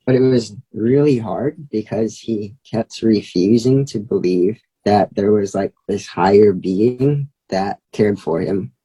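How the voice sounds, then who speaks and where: A man's voice: on the low side, slow pace, hardly any pauses, mellow, husky, low-quality recording. A young man telling a story as a guest, chatty, with many fillers. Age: young adult. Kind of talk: casual storytelling.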